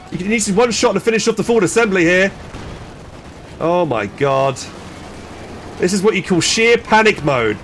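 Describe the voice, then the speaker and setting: A man casting a strategy game match in excited play-by-play, exclaiming and swearing, with frequent restarts and fillers. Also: high-pitched, a little hiss or hum. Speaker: game caster.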